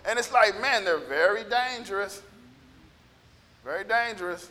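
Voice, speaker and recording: A man preaching a sermon as pastor, with a scratchy, gravelly voice and impassioned bursts of shouting. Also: sits high, lively intonation, measured pace. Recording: echoey hall reverb.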